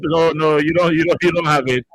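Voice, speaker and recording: Male talk show host, raised pitch, combative and repetitive. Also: steady tone, over a noisy crowd, poor audio. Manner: argumentative, repeats words rapidly when pressing a point. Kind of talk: live call-in talk show.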